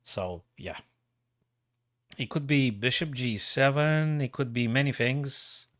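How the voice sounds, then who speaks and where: Excitable man calling chess moves live. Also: mid-range voice, slow pace, no echo, clean studio sound. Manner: thinking aloud, excitable, repeats himself. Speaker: chess streamer.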